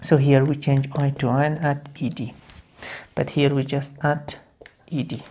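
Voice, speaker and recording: Low-voiced woman teaching grammar. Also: little pitch movement, mellow. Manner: repeats key words over and over, drilling step by step; halting, with restarts and fillers while explaining. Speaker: English teacher. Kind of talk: explaining grammar rules in a video lesson.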